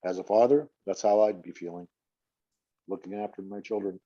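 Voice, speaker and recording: An older man on a group video call, speaking in an earnest, fatherly way with halting restarts. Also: lowish voice, mellow. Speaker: call participant. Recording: dull lo-fi call audio.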